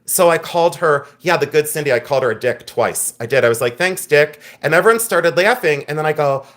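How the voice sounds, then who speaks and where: A man's voice: a little high, animated, brisk, fairly bright tone. A man hosting a live online jewelry sale, telling a story and pricing items in a chatty way, laughing at himself. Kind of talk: casual live-stream selling chat.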